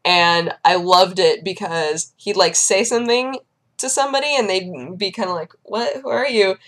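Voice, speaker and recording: A woman's voice: fairly low pitch, moderate pace, fairly bright tone. A young woman chats casually to her viewers in a vlog. She tells everyday stories in a loose, conversational way and now and then acts out the people she describes. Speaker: vlogger. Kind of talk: casual chat.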